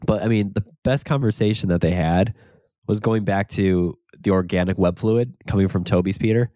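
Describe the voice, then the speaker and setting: A man's voice: fairly low pitch, normal speed, mellow, no echo, studio quality. A young man co-hosting a casual podcast, laughing and chiming in about a movie. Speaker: podcast co-host.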